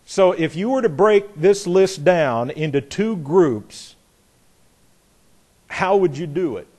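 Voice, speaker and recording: A man's voice: sits high, lively intonation, a little mellow, slightly rough. A man leading a Bible study class, explaining a passage step by step, asking students questions and reading scripture with stress on key words. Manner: deliberate, repeats words, asks the class questions. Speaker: Bible teacher.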